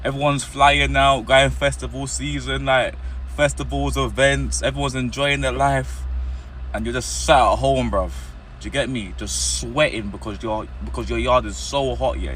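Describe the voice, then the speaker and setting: Man, casual slangy chat, mid-pitched voice, faint background noise. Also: measured pace, a bit bright. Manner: slangy, keeps asking the listener if they get it. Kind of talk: casual talk to camera.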